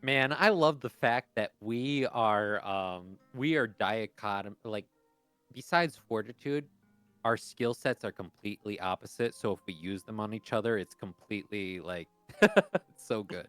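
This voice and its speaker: A tipsy man playing in a tabletop role-playing game, rambling excitedly about the rules. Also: fairly low pitch, a little slow, clear, resonant tone, no echo, soft background music. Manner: excited, rambling, laughs often. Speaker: player. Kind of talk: casual tabletop game chat.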